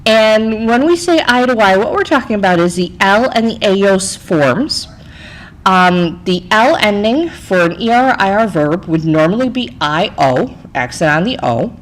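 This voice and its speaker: A woman's voice: medium pitch, expressive, normal speed, low-quality recording. A woman Spanish teacher narrating a recorded slide lesson, chatty, explaining step by step and checking in with "okay?".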